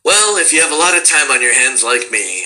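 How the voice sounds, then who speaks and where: Male voice actor guest: playful, swooping pitch, very bright tone. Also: a little fast. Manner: animated, laughing and playful. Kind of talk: casual interview chat.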